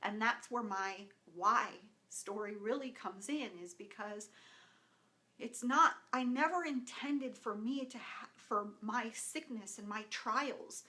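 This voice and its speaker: A woman in her thirties sharing a personal testimonial, emotional and animated, acting out quoted dialogue with many restarts. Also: fairly high pitch, slow pace. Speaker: wellness vlogger.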